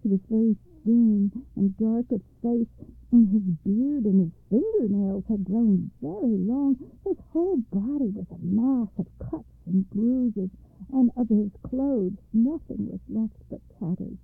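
Gravelly woman narrating a fairy tale. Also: a little high, dry recording. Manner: measured, expressive storytelling. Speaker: radio storyteller and host. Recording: dry, tinny phone-like radio sound.

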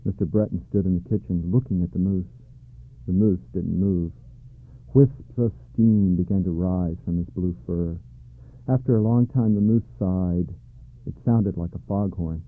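A man's voice: low voice, unhurried, no room sound. Man reading a storybook, thin dry sound. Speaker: narrator. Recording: dry tinny narrow-band sound.

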